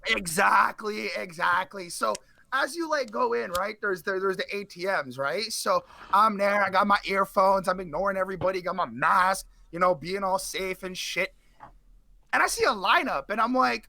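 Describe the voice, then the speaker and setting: A man, a guest in a casual interview, telling a story in an animated, slangy way with swearing. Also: sits high, normal speed, gravelly, dry recording.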